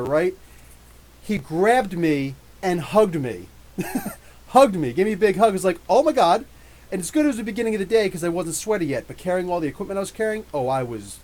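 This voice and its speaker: A man hosting a live podcast, telling an excited story with quoted dialogue in a casual, animated way. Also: high voice, low-quality recording. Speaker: podcast host.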